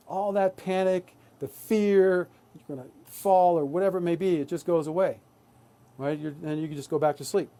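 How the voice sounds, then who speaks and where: A man's voice: high voice, normal speed, warm tone. An adult man presenting a live workshop, talking earnestly and often checking in with "right?". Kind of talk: live online workshop talk.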